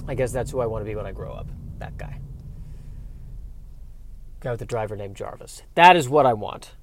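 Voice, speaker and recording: A man's voice: on the low side, fairly even intonation, a little fast, warm tone, a little hiss or hum. A man talking in a casual, wry, self-deprecating monologue that rambles, with frequent restarts. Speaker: vlogger and stand-up comic.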